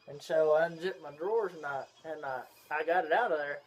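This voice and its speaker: A man's voice: fairly high pitch, fairly even intonation, brisk, muffled recording. A young man, telling a story in rambling casual chat as a vlog co-host. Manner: rambling, drawling, with loud bursts of laughter.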